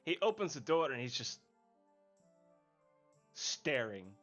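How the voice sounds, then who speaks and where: A man's voice: medium pitch, slow, muffled recording, faint music behind. A man running a tabletop game as game master, narrating scenes with lots of laughter. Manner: lively, laughing, voices townsfolk.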